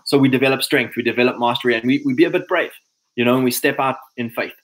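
A man's voice: mid-range voice, fairly even intonation, fast talker, fairly bright tone, rough recording. A man giving a casual motivational talk to other men, conversational, often repeating himself and acting out little quoted lines. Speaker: speaker addressing men.

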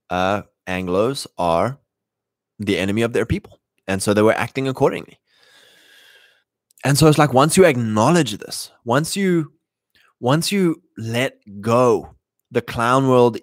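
A man's voice: mid-range voice, no echo, studio quality. A man hosting a podcast, talking in a casual, rambling monologue with many restarts and mocking put-on voices.

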